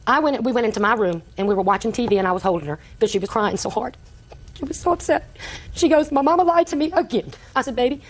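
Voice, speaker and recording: An older woman testifying in court, telling her story quickly and acting out the conversations she recounts. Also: fairly high pitch. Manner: rapid, breathless storytelling, acting out quoted exchanges. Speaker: litigant.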